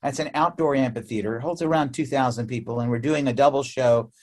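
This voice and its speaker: An American man, a musician guest in a remote interview, telling stories in a lively, chatty way with frequent laughs and restarts. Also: medium pitch, fast talker. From United States. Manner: animated storyteller, laughs often, many restarts. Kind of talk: casual interview chat.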